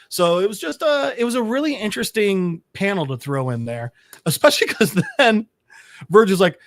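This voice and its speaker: A man on a casual nerd podcast tells a comic's plot with animated energy. He swears freely and breaks into laughter at his own asides. His voice sits a bit high and sounds dry and close, with little room sound. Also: unhurried, no echo. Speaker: podcast co-host.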